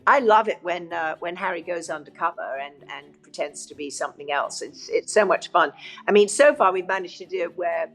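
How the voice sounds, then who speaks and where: A woman's voice: on the low side, a little fast. An actress from England talking enthusiastically about her lead role in a cast interview. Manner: enthusiastic, animated storytelling. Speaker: lead actor.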